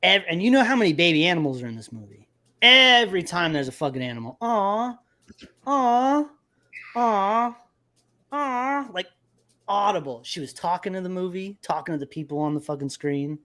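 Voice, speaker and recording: A man's voice: fairly high pitch, fast talker. Profane man telling a story. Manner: profane, animated storytelling with laughs. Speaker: podcast host. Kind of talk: casual chat, storytelling.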